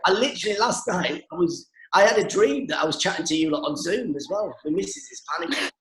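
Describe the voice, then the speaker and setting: Animated comedian from northeast England. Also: male voice, sits high, fast, roomy sound, poor audio. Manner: animated, excitable storytelling. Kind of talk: stand-up style chat on a video call. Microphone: video call.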